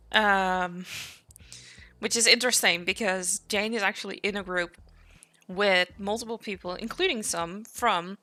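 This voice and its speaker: Woman, casual stream chat, rambling, many fillers, voice worn from talking, bright tone. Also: medium pitch, dry recording. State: voice tired from a day of talking.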